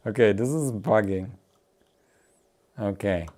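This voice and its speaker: A man's voice: medium pitch, slow pace, a little mellow. A man streaming live as he builds an electronics project, thinking aloud and laughing often as he works.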